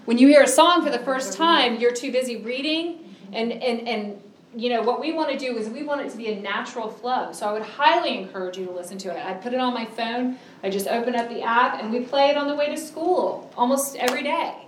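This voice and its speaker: A woman's voice: a little high, a little hiss or hum. A middle-aged woman preaching a sermon, earnest and emphatic, drawing out key words. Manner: earnest, emphatic, with drawn-out stresses. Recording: echoey, from a distance.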